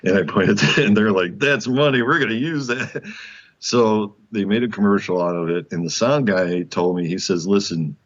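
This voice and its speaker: A man, a guest author, telling a story in an interview, animated and laughing often as he acts out the dialogue. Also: low voice, moderate pace, few pauses, dull audio.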